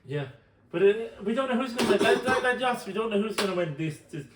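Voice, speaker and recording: A man's voice: high-pitched, expressive, fast, noisy background. A middle-aged Irish man with a slightly raised voice pokes fun with dry asides. He sits a little away from the mic, and the room rings around him. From Ireland. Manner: teasing, dry interjections. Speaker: podcast co-host. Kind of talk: casual chat. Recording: roomy, distant from the mic.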